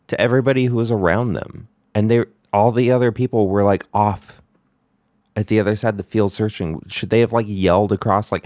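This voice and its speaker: A man's voice: lowish voice, fairly even intonation, brisk, a little mellow, dry recording, studio quality. A man streaming his reactions to a reality show, blunt and incredulous, swearing casually.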